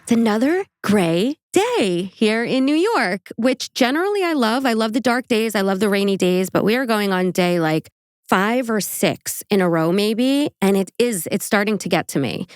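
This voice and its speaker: A woman hosting a casual true crime podcast, chatty and animated, laughing often and filling her talk with "like". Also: medium pitch, normal speed, no room sound, clean studio sound. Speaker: podcast host.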